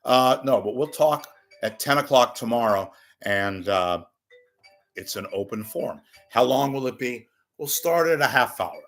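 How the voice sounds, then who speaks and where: A man's voice: medium pitch, expressive, measured pace, a bit bright, faint music behind. A man hosting a call-in show, talking in a casual, rambling monologue that is blunt, profane and full of wisecracks.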